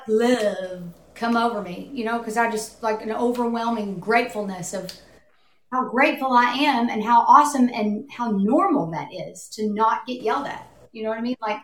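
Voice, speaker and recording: A woman with a slightly high voice talks in a casual, rambling way. She tells a personal story with heartfelt openness. The room around her rings with a clear echo. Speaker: podcast guest. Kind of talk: casual chat. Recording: echoey room.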